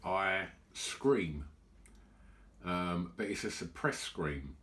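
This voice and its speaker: A man's voice: low voice, animated, extremely slow, a bit bright. A man co-hosting a podcast, telling a story in rambling casual chat. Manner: rambling storytelling, acts out quotes. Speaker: podcast co-host.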